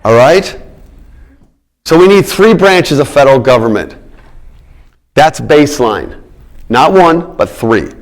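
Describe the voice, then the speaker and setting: A man's voice: fairly high pitch, big pitch swings, slow, long pauses. A middle-aged man giving a public lecture on politics, emphatic, repeating his key words and checking in with the audience.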